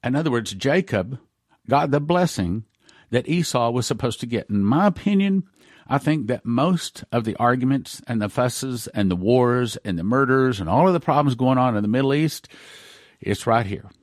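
This is a man at an ordinary middle pitch, talking through Bible prophecy on his own radio show. He reads the old verses aloud, then explains them in a homespun, emphatic way. The sound is close and dry, with no room around it. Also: animated, moderate pace, dry recording. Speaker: radio host.

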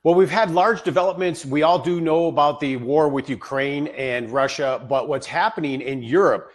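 A man speaking as a guest for a precious metals company, laying out economic news in a brisk, informative sales pitch.

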